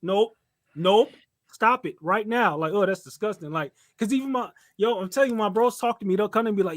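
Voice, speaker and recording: A man from California in a casual podcast discussion, animated, blunt and opinionated, laughing often. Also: sits high, a little fast. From California, United States.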